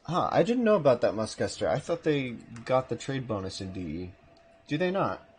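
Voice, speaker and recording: A man casting a live strategy game match from home, with a relaxed, chatty manner and casual asides. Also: medium pitch, normal speed, a little hiss or hum. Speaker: esports caster. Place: home room.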